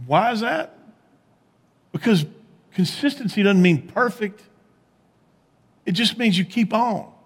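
A man preaching a sermon as pastor, animated, with rising emphatic peaks and quiet low asides. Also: slow, long pauses, slightly rough, big-room sound.

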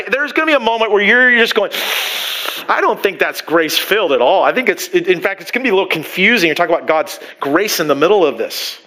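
A pastor preaching a sermon in a church, talking in a loose conversational way with many restarts and asides. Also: male voice, sits high, sharp tone, rough recording.

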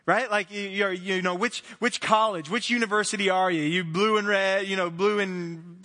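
Preacher, male: high, bright, earnest, long hall reverb. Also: steady tone, normal speed. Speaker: pastor. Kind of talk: sermon. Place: church hall.

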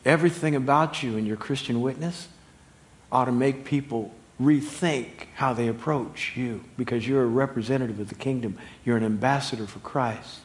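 A middle-aged man preaching a sermon, animated and humorous, swinging from loud high exclamations to quiet, low emphasis. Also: moderate pace. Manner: humorous, laughing at own stories. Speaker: pastor.

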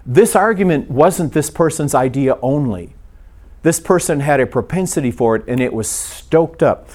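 A man's voice: a little high, expressive, moderate pace, darkish tone. A middle-aged man preaching a sermon in a conversational, storytelling manner, often restarting his sentences. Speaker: pastor.

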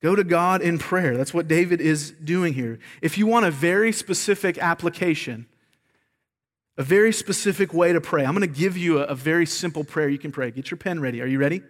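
A man's voice: fairly high pitch, fairly quick. A man preaching a sermon as pastor, earnest and emphatic, often repeating words as he makes a point. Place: church sanctuary. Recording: long reverb of a large hall.

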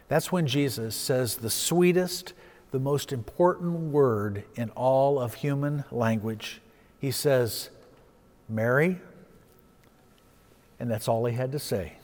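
A man preaching a sermon as pastor, telling a story and swelling with emphasis before dropping soft. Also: mid-range voice, a little slow, long reverb tail.

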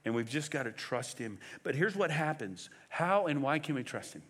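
A man preaching a sermon as pastor, emphatic and animated, firing off rhetorical questions. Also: mid-range voice, moderate pace.

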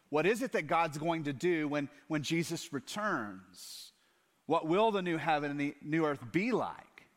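A man with a fairly high voice preaches to his congregation in a church. He reads scripture and breaks off into lively asides and rhetorical questions, talking straight to the room. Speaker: pastor. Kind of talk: sermon. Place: church hall.

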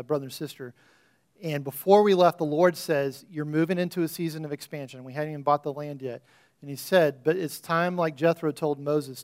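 A man preaching to his church, telling stories casually before leading a fervent prayer over the offering. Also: a little high. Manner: conversational, storytelling preacher, rising into fervent prayer. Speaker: pastor. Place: church sanctuary before a congregation.

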